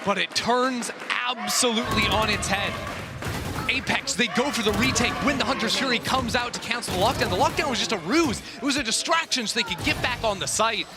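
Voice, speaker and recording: A man's voice: very high voice, a little fast, over loud music. A man giving analytical color commentary on an esports match, explaining plays and checking in with "right?".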